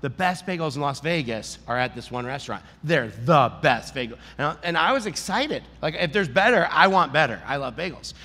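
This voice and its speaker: Pastor, male, slightly high voice, lively joking storyteller, sermon in a reverberant church hall. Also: brisk, hardly any pauses. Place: large church hall with audience.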